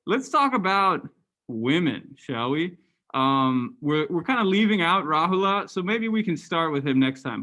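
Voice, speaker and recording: A man's voice: fairly high pitch, fairly bright tone, dull audio. A man giving a university lecture in a casual, conversational way, often asking the class questions and restarting sentences with ums. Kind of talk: lecture to students.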